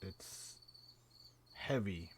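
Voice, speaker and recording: A man running a tabletop game as game master, describing the scene slowly and haltingly, with fillers. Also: noisy background. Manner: slow, hesitant scene narration with fillers.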